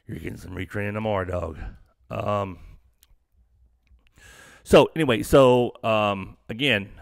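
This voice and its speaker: A man's voice: on the low side, measured pace, vocal fry, dry recording, clean studio sound. A middle-aged man from Texas hosting a live stream, ranting bluntly and profanely in a rambling, casual way.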